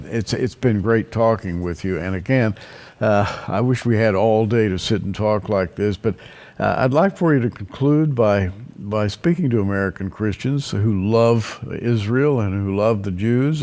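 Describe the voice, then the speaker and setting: A man hosting an interview, speaking haltingly with frequent fillers as he wraps it up. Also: lowish voice, a little mellow. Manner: halting, filler-heavy phrasing. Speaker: host.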